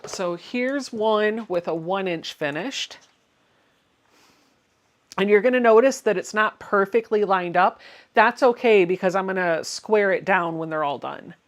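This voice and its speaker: A woman's voice: medium pitch, a little slow. Chatty woman quilting host. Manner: chatty, laughs often, explains steps as she works. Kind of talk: casual chat while sewing on a livestream.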